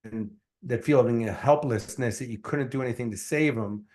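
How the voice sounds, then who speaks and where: A man, a success coach and guest, telling his story in an earnest, animated way, with many fillers. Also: mid-range voice, normal speed. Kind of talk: casual interview storytelling.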